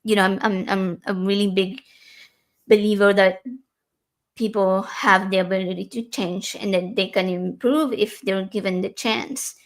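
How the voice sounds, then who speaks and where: A woman's voice: medium pitch, steady tone, a little slow. A woman talking earnestly and personally in a casual podcast conversation, with frequent fillers and restarts.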